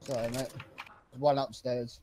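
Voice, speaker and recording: A man as a teammate in casual gaming chat, making quiet, offhand remarks. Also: medium pitch, flat delivery, a little slow, slight background noise.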